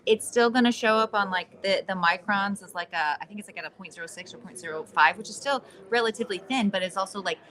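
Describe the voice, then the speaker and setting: Woman host, mid-pitched, chatty and bubbly, casual live-stream talk. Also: quick pace, few pauses, fairly bright tone. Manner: chatty, bubbly, many fillers. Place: trade expo hall.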